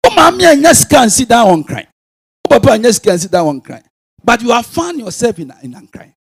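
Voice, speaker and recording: A man with a Ghanaian accent preaching a sermon, swinging from quiet musing to sudden shouted bursts. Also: extremely high pitch, very animated, brisk, vocal fry, breathy edge. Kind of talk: sermon mixing Twi and English.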